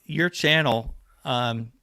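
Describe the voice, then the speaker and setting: A man's voice: medium pitch, takes it slowly, sharp tone, smooth, no room sound, clean studio sound. Rambling, chatty livestream host man. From New Jersey. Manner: rambling, friendly, lots of fillers. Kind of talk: casual livestream chat.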